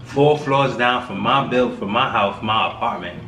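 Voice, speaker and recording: A man's voice: medium pitch, moderate pace, pushed and bright, recorded from a distance. A young man, casually and playfully teasing as he cuts into his wife's story. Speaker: co-host, husband. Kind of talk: casual chat. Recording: echoey room, off-mic, background hum.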